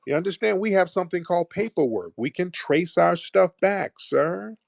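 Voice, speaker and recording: A man's voice: high voice, expressive, moderate pace, gravelly, no room sound, clean studio sound. A man hosting a heated call-in debate, mocking and combative, talking over his caller. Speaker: host.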